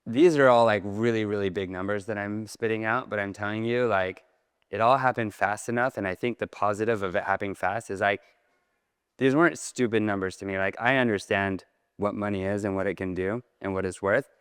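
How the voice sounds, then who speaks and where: A man tells a personal story to a crowd in a large hall, animated and packed with casual fillers. His voice sits on the low side and comes through smooth and resonant. A long hall reverb trails behind his words. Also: a little fast, studio quality. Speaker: speaker. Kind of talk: storytelling talk.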